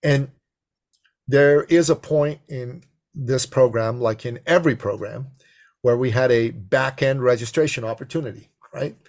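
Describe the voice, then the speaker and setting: A middle-aged man telling an expressive, animated story as a podcast guest. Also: unhurried. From Persian heritage. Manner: expressive, swings to high excited pitch in quotes. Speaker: podcast guest, business coach.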